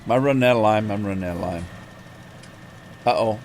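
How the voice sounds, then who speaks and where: A man's voice: lowish voice, fairly quick, a little mellow, slight background noise. A man streaming a farming game, telling a folksy, rambling story with plenty of fillers and restarts. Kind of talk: casual storytelling while gaming.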